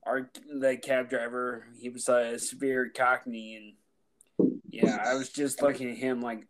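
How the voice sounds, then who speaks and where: A man's voice: mid-range voice, flat delivery, a little slow, fairly bright tone, rough recording. Hesitant podcast man. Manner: hesitant, lots of fillers. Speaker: podcast co-host. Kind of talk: casual comedic chat.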